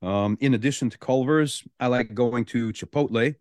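A man's voice: mid-range voice, moderate pace, darkish tone, no echo. A male radio show host, chatting casually on a studio mic and reading out the news with amused asides. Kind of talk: morning radio talk.

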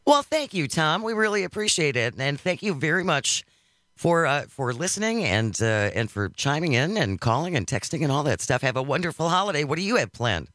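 Radio host, man, bright higher voice, friendly rambling chat, dry studio sound. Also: big pitch swings, fairly quick, no echo. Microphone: studio microphone.

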